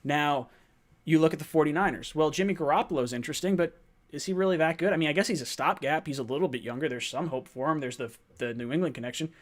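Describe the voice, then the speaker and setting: A young man hosting a live sports fan stream, his voice pitched a little high for a man. He talks fast and excitedly, restarting sentences as he thinks aloud and reading out viewer messages. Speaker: host of a fan livestream. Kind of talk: excited livestream sports talk.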